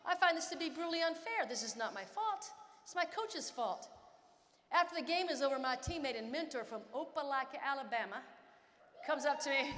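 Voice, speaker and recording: A woman in her fifties delivers a dramatic motivational keynote in a large conference hall, her high-pitched voice brisk, fairly bright and lively in intonation. She tells stories and acts out scenes and voices, and the recording carries long hall reverb.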